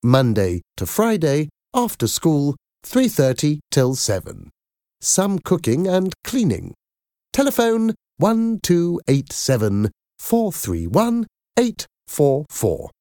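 A woman's voice: deep voice, big pitch swings, takes it slowly, mellow, dry recording, voice pushed up, exaggerated voice. A firm, worried working mother from a storybook, as a man puts her on in a raised voice. She speaks steadily and apologetically, lifting every phrase well above his usual register. The dry, close sound has no room around it.

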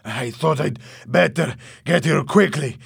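A man reading an audiobook, voicing an angry, suspicious male drug smuggler in a raised, higher, bossy voice. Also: measured pace, vocal fry, breathy edge, no echo, studio quality, heavily acted.

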